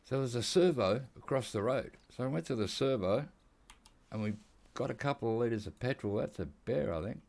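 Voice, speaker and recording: Here the Australian gaming YouTuber speaks at medium pitch, a little fast, with lively intonation and a creaky, darkish tone. He rambles through anecdotes, laughing and quoting dialogue, casually storytelling while playing a hunting game.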